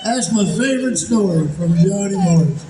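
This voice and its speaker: A man doing stand-up with a drawling, folksy manner and a fairly high voice. He is picked up by a stage mic in an echoey venue, with steady noise behind him. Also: moderate pace, a loud crowd. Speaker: stand-up comedian. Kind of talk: live stand-up storytelling. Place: large indoor event venue.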